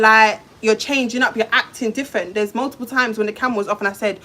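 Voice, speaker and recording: A woman's voice: on the high side, fast talker, sharp tone. A woman on a live stream, telling her viewers a heated personal story in a blunt, swearing, direct way. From London. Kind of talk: emotional live-stream rant.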